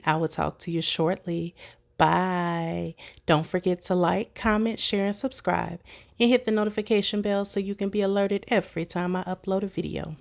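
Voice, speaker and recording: A woman hosting a commentary video, talking slowly and chattily to her viewers. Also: on the low side, gravelly. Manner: slow, drawn-out, chatty. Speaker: commentary channel host.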